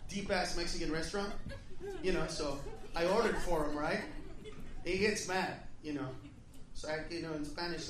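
A man doing a profane stand-up routine in a comedy club, telling stories and shouting punchlines. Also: on the high side, recorded from a distance, noisy background. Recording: echoey club, roaring crowd laughter.

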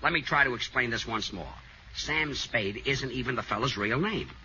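A man's voice: mid-range voice, normal speed, sharp tone. A man playing a patient, exasperated husband in a 1940s radio comedy, explaining things in a patient tone. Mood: patiently exasperated. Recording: hissy, dull old 1940s radio broadcast.

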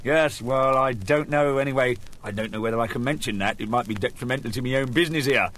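A man's voice: medium pitch, quick pace, a bit bright. A middle-aged man hosting his own radio spot, rambling playfully and chuckling at his own jokes. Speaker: radio show host. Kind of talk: joking casual monologue.

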